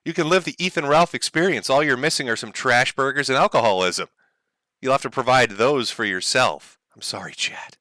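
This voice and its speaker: A man's voice: medium pitch, brisk, pushed and bright, dry recording. A man hosting a livestream, talking to his chat with sarcastic, mocking commentary and frequent laughs. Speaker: streamer host.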